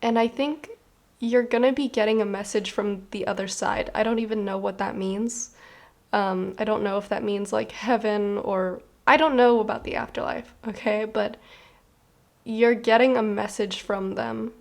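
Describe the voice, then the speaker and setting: A woman's voice: medium pitch, steady tone, moderate pace, creaky. A woman reading tarot cards to camera in a casual, earnest, rambling way, with many "like" fillers. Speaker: tarot reader.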